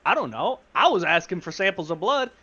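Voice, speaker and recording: A puzzled companion who needs no sleep and speaks plainly, without guile, played by a man. The voice is bright and lively in pitch, over slightly muffled audio. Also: brisk, exaggerated voice. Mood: confused. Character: confused, sleepless construct-like companion.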